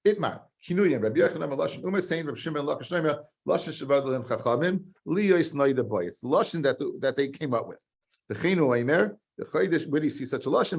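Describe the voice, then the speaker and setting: Animated rabbi teaching Talmud. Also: male voice, medium pitch, gravelly. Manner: animated, swings between loud emphasis and quiet earnest stress, repeats phrases; mixes Hebrew and Aramaic terms into English. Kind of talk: Talmud study lecture.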